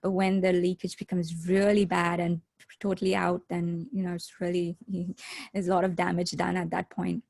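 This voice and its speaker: A woman leading a spiritual workshop, explaining calmly and gently, often checking in with a "right?". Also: fairly low pitch, normal speed, creaky, dry recording. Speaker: meditation workshop teacher.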